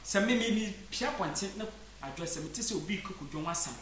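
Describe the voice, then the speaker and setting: A woman's voice: mid-range voice, lively intonation, a little fast. A woman with a Ghanaian accent giving emphatic opinions in a casual chat show, often repeating words to stress a point. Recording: echoey room with faint noise.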